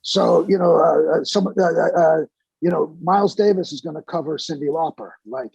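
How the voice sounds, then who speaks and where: Male guest, gravelly and husky, reflective and halting, dry recording. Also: on the high side, a little mellow, dry recording, lo-fi sound. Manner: musing, halting, with many fillers. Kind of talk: reflective podcast talk.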